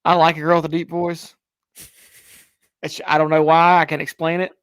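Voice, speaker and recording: A man co-hosting a live talk show, chatting in a relaxed, hesitant way and chuckling along. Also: a little high, moderate pace, clean tone, no room sound. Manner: laid-back, hesitant, chuckling. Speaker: co-host. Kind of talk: casual chat.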